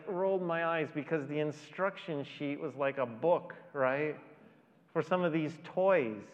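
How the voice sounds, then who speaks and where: Slow conversational male pastor preaching. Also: fairly high pitch. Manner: conversational, with dramatic pauses. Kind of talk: sermon. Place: large church hall. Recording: dull audio with long hall reverb.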